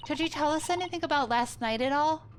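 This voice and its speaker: A woman's voice: sits high, fast, pitched above the performer's own voice, close to an everyday voice. A woman voicing an earnest, courteous young man who asks questions formally, in a recording with background noise. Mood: polite. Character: polite, earnest young male law student.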